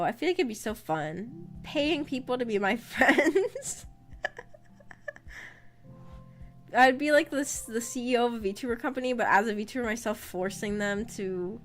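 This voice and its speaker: A woman VTuber streamer chatting casually on a livestream, rambling, trailing off with fillers and laughing often. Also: fairly high pitch. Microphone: streaming microphone. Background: faint background music.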